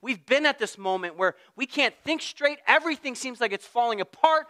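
Bright, high-voiced man preaching a sermon. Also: animated, moderate pace, hardly any pauses. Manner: conversational preaching, swinging from loud to hushed. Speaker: pastor.

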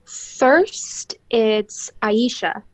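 A woman as a polite young studio assistant with a high voice and an unhurried pace. She sounds deferential, and the recording is dry. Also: no echo, rough recording.

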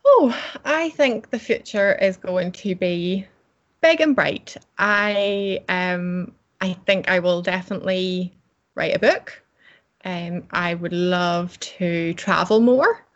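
A woman's voice: on the low side, takes it slowly, lo-fi sound. A woman with a Northern Irish accent, a podcast guest talking casually and cheerfully, laughing often. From Northern Ireland. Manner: chatty, laughs often, warm and upbeat.

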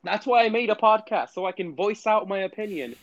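A man's voice: high voice, a little fast, dry recording. A man, co-hosting a podcast in casual chat and telling stories with lots of swearing. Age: 20s. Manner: animated storytelling, mimics gamers with profanity. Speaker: podcast co-host. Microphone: podcast microphone. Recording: dull lo-fi sound.

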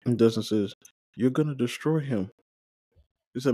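A man in a watch-along, recapping an episode and reading the characters' lines aloud. His pitch is a middle one for a man, and the recording is dry and close, with no room sound. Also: normal speed, dark tone, dry recording. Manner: paraphrases scenes, quotes characters with brief joking asides. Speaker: watch-along podcast host.

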